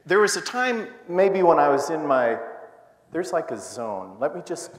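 A man's voice: a little high, lively intonation, a little slow. A man telling a rambling, self-mocking story as a sermon, acting out the quotes in his story. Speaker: preacher. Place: church hall with audience. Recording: long hall reverb.

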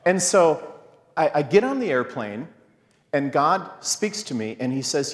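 A man's voice: mid-range voice, animated, moderate pace. Guy preaching, rambling self-mocking story, bouncy up-and-down voice, big echoey church hall. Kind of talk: storytelling sermon. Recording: long hall reverb.

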